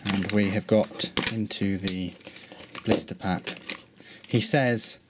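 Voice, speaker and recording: A man's voice: lowish voice, steady tone, takes it slowly, heavy background noise. A man from Britain doing a casual unboxing and review vlog, wry and self-mocking, full of rambling asides. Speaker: hobby reviewer.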